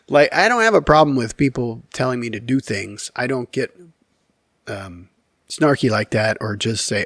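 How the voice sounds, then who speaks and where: A man of medium pitch tells a casual, rambling story straight to his viewers, full of ums and restarts. His humor is wry and self-deprecating. The sound is dry and close, with no room echo. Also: lively intonation, moderate pace, vocal fry, fairly bright tone. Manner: rambling and candid, with many fillers and self-corrections. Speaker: YouTube storyteller.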